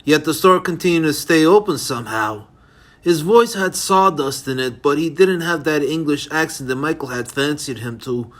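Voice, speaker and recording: A man reads his own thriller aloud as audiobook narration. His voice sits a little high, and he stumbles now and then, correcting himself as he goes. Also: moderate pace, a bit bright. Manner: reads unevenly, with small slips and self-corrections. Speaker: author reading his novel.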